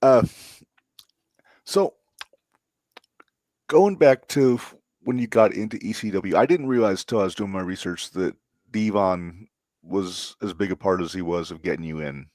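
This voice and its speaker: Deep-voiced podcast co-host. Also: male voice, unhurried, long pauses, no room sound. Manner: relaxed questions with "like" fillers. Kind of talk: casual interview. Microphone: remote video call.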